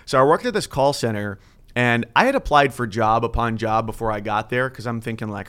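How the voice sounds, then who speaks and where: A man's voice: medium pitch, fairly quick. A man in his thirties, a sports broadcaster telling stories in a casual chat and acting out the voices in them. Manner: animated storyteller, acts out quotes. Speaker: guest sportscaster.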